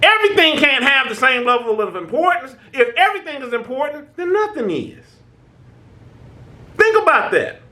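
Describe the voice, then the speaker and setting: His voice is very high and extremely animated, bright and forceful, at a moderate pace. Hosting his channel's self-help talk, this American man preaches in a casual, chatty way, often stumbling and restarting sentences and tossing in "right?"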